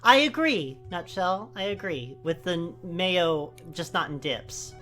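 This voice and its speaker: A woman from the US West Coast co-hosting a game playthrough, rambling in casual, animated commentary with sudden high exclamations. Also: a little slow, soft background music.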